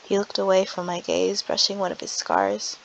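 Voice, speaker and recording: A woman's voice: medium pitch, flat delivery, moderate pace, vocal fry, slight background noise, rough recording. A woman voicing a visual novel aloud in first person, reading expressively and reacting to the story as she goes. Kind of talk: first-person voiced-over game reading.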